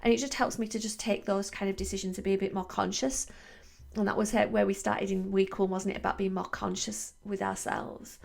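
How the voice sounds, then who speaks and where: A woman in her forties talks through a wellbeing podcast in a loose, reflective monologue. Her mid-pitched voice has a gravelly fry, and she circles back with fillers and restarts. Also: fairly even intonation, fairly quick, a little mellow. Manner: chatty, many fillers and restarts. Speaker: podcast host, wellbeing coach.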